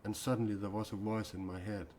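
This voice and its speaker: A man speaking as a self-described mystic in an improvised live-stream talk, earnest and confessional, often pausing and restarting his sentences. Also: on the low side, level tone, darkish tone, a little hiss or hum.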